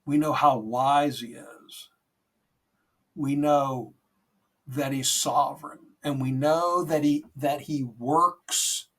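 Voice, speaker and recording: A man co-hosting a podcast, talking about faith in an earnest, gentle, reassuring way, often saying "you know". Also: medium pitch, fairly even intonation, slow pace, recorded from a distance. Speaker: podcast co-host. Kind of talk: conversational faith talk.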